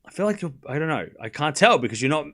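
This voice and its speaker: A man's voice: a little high, very animated, fast talker, fairly bright tone. A man hosting a live stream, chatting casually, often laughing and joking sarcastically as he reads and answers his chat.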